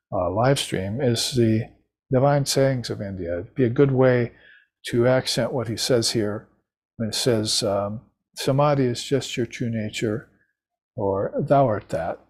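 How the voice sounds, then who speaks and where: Husky man, mid-pitch, reflective spiritual lecturer, unhurried delivery. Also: a little mellow. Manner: unhurried, reflective, chants mantras. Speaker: spiritual teacher. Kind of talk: recorded lecture on scripture.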